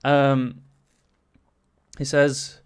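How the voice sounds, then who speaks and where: Slow, smooth-voiced man running a tabletop game. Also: mid-range voice, monotone. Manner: laughs often, casual and swears. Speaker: game master.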